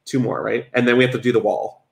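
A man's voice: mid-range voice, fairly even intonation, fast, vocal fry, reverberant. A man co-hosting a live cooking stream in casual chat, playful, reading viewer comments aloud and breaking into song.

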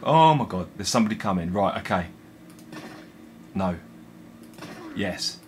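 Jumpy gamer swearing at shadows. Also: male voice, low voice, measured pace, slight background noise. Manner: jumpy and excitable, swearing and talking to himself. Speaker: gaming video host. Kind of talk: let's play commentary.

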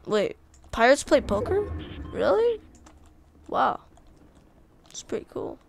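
A woman giving casual, chatty commentary while playing a video game, easily excited by what she finds. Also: a little high, takes it slowly, gravelly, faint music behind. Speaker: gaming video creator.

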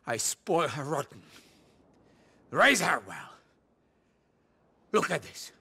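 A volatile middle-aged mob boss. He talks with a bright, lively edge, muttering darkly one moment and barking the next. It plays like a tense video game cutscene. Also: on the high side, slow, vocal fry, husky, full character voice. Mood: menacing. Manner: menacing, swings from brooding mutters to shouting.

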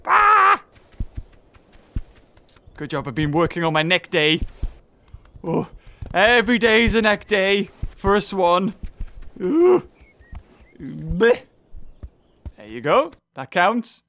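Animated woman, playful game commentary. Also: mid-range voice, slow pace, pauses often. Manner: playful, teasing the game characters, frequent laughter and squeals. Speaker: gamer playing a video game. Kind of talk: casual let's-play commentary.

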